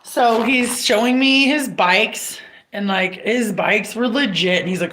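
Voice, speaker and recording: A woman's voice: medium pitch, normal speed, fairly bright tone. A woman in her forties, a bartender, chatting casually on a live stream from her home kitchen, rambling and swearing with lots of "like". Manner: rambling, profane, full of "like". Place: home kitchen and house, indoors.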